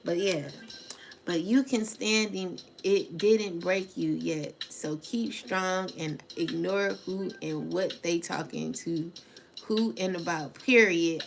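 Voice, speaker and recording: A woman's voice: fairly low pitch, slow pace, vocal fry, slight background noise. A woman reading tarot for viewers in a casual spoken vlog, talking in a rambling, blunt and profane way. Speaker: tarot reader addressing viewers.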